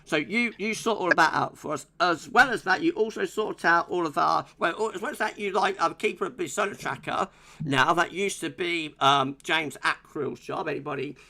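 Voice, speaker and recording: A man hosts a casual livestream, chatting in a rambling way with plenty of fillers and tag questions. His voice is bright and sits a little high, with a gravelly edge. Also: normal speed, slight background noise. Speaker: livestream host. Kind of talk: casual charity livestream chat.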